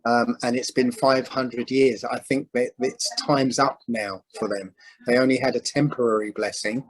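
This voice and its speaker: Halting man with many ums. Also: mid-range voice, steady tone, poor audio. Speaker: panel speaker. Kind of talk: religious discussion.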